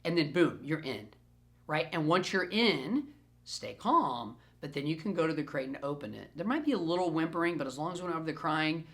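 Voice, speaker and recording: A man who trains dogs, answering questions in a recorded group session in an animated, playful way and repeating phrases for emphasis. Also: fairly high pitch, fairly quick. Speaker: dog trainer. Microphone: self-recorded camera.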